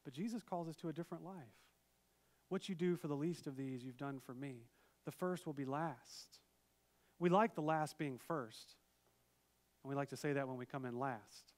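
Man, pastor, sermon, chatty storytelling, fairly high voice, church service. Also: moderate pace. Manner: conversational storytelling with asides. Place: church sanctuary, virtual service.

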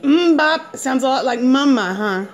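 A young woman at home feeding her son, filmed on a phone, switching between soft murmured questions and high cheerful praise. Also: animated, a little slow, highs cut off, faint music behind. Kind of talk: casual home video chat.

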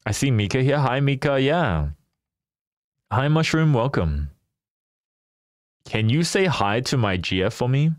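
A man chats with his live audience in a relaxed, teasing way, laughing easily. His delivery is unhurried, with lively ups and downs in pitch. The sound is dry, with no room echo. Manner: playful, teasing, laughs often. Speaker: livestreamer. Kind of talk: casual chat with viewers.

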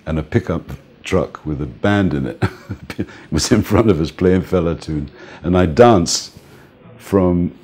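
An older man interviewed as a music manager, telling relaxed stories and often laughing and saying "man". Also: low-pitched, unhurried, hardly any pauses, slightly rough. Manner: relaxed, reminiscing, often says "man", laughs between points. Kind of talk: casual storytelling interview.

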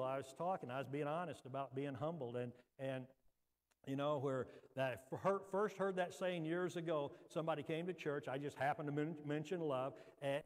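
A male pastor delivering a sermon, moving between loud emphatic preaching and hushed, quiet talk. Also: on the high side, in a large hall. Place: church sanctuary.

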